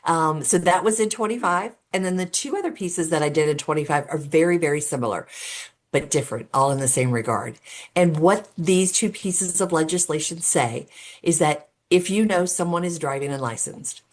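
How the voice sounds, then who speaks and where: Middle-aged woman, deep-pitched speaking voice, earnest podcast guest who explains step by step with plenty of "um" fillers. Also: moderate pace. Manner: talks through steps as if laying out a case. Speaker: guest, road safety advocate. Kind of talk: podcast interview conversation.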